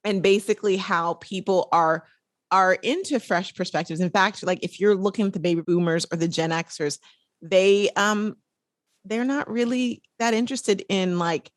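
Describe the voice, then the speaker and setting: A woman hosting a podcast, chatting casually and playfully, with quick asides. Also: mid-range voice, dry recording, clean studio sound. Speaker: podcast host.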